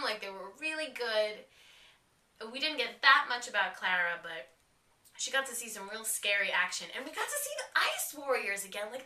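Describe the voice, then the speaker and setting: A woman giving a casual, excitable TV episode review, full of slang and swearing, acting out the characters' lines. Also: mid-range voice. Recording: roomy echo, mic a bit distant.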